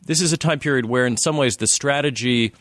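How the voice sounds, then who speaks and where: A man's voice: mid-range voice, fairly quick, fairly bright tone, dry recording. A man hosting an interview, asking long, rambling questions. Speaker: interview host. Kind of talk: podcast interview.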